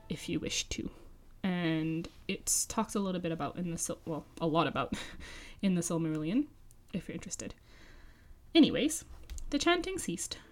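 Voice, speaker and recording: A woman's voice: on the low side, darkish tone. A woman hosting a podcast, reading a book aloud and breaking off for chatty, enthusiastic asides full of fillers. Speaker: podcast host and reader. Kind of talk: book reading with casual commentary.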